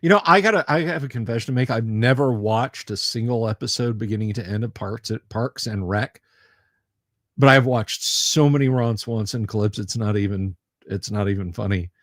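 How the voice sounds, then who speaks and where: A man's voice: on the low side, normal speed, a bit bright, no room sound, studio quality. A man hosting a tabletop gaming livestream in rambling, jokey casual chat, laughing often. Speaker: livestream host.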